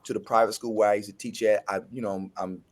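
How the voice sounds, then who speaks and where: A man being interviewed as a guest actor, telling a story excitedly and repeating his words. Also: fairly low pitch, fast talker. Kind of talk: casual interview.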